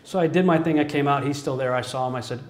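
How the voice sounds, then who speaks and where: A man's voice: mid-range voice, quick pace. Earnest man preaching in an echoey room. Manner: earnest storytelling with frequent chuckles. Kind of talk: preaching personal testimony.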